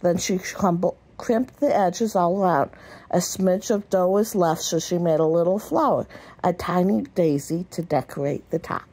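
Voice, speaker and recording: A woman reading a children's picture book aloud in a gentle storytelling voice, with small slips and restarts. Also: on the low side, normal speed, husky. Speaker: storybook reader.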